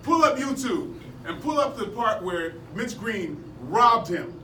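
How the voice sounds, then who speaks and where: A man with a notably high voice tells animated stories to a class, laughing often as he goes. He sounds distant from the mic in an echoey room. Steady background noise runs under him. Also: slow. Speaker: martial arts seminar instructor. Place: indoor seminar room at a convention.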